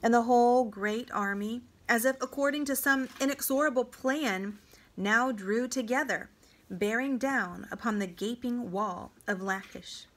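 Woman reader for a student audiobook; slow, dramatic, deliberate narration. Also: on the high side. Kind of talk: reading a novel aloud.

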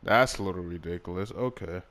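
A young man talks his way through a basketball video game in a loose, casual commentary. His voice sits a little low, drifting between quiet muttering and sudden loud, frustrated outbursts. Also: brisk. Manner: swings from mumbled talk to loud frustrated outbursts. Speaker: gaming YouTuber.

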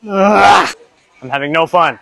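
A man's voice: medium pitch, normal speed, sharp tone. A young man vlogging his gymnastics practice on a clip-on mic, self-deprecating and tired, often out of breath. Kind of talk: mic'd-up gym vlog commentary. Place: indoor gymnasium.

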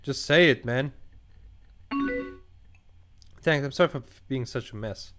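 A man with a medium-pitched, fairly bright voice speaks at a measured pace, pausing often, with faint music in the background. He's a let's play gamer at his home computer, reading a chat-based game's dialogue aloud and interrupting with sarcastic, crude remarks in casual commentary.

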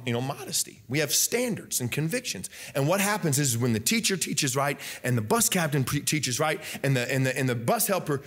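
A young man preaching a sermon as pastor, loud and animated, breaking into sing-song emphasis. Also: fairly high pitch. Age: young adult.

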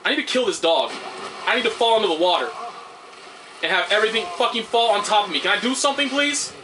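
A man commentating on his own gameplay, swearing loudly at the game and making sarcastic remarks. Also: sits high, expressive, fast, noisy background. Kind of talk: let's play commentary.

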